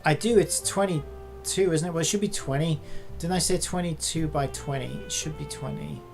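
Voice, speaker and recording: A content creator talking casually while working at a computer, muttering and swearing at the software in exasperation. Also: medium pitch, normal speed, music in the background.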